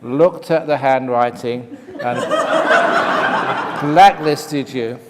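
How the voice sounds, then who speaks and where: A man's voice: mid-range voice, huge pitch swings, extremely slow, big-room sound, noisy background. An older man, a Buddhist monk, answering retreat questions with jokes and laughing at his own punchlines. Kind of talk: humorous Q&A talk. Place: meditation retreat hall.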